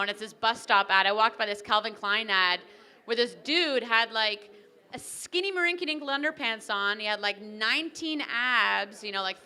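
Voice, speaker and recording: A young woman doing an animated, chatty stand-up comedy set at a wedding reception, acting out little characters. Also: fairly high pitch, clean tone.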